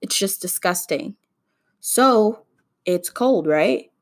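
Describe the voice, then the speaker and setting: A woman's voice: medium pitch, lively intonation, slow pace. A woman in her twenties hosting a casual solo podcast, chatting and ranting straight to her listeners. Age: 20s. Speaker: podcast host.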